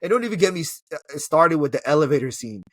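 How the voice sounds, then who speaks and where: Excitable slangy man recapping a film. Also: a little high, fast talker, no room sound. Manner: excitable, slangy, profane storytelling with laughs. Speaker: movie reviewer. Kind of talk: casual film recap chat.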